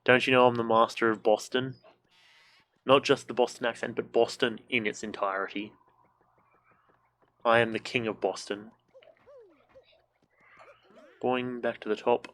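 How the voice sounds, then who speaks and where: A man's voice: medium pitch, flat delivery, moderate pace, pauses often, a bit bright. Joking young male game streamer. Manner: joking, swearing, makes sound effects like boing and bonk. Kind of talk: casual let's-play commentary.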